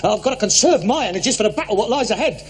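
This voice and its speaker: A melodramatic son convinced he is dying in a 1960s TV comedy. His voice sits high and turns indignant and theatrical, with a faint hiss of an old TV soundtrack behind it. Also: animated, very fast. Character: melodramatic hypochondriac adult son. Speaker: actor in a sitcom. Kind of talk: 1960s sitcom acting.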